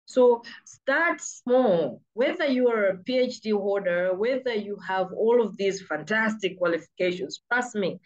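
A woman's voice: medium pitch, lo-fi sound. A woman from Malawi with a British-sounding accent, giving emphatic, insistent freelancing advice as a vlogger who repeats words for stress. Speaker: freelancing coach. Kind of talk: motivational advice talk.

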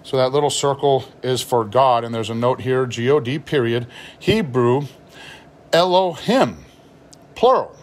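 A pastor showing a study Bible and explaining its notes in a relaxed, explanatory way, reading passages aloud as he goes. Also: mid-range voice, a little slow. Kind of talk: Bible unboxing review.

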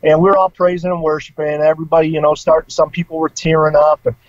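A middle-aged man shares his story in a relaxed, emotional way and drops casual slang. His voice sits a little high. The sound is dry and dull, a bit lo-fi. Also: fast, no room sound. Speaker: guest, former priest. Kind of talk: personal testimony in casual interview.

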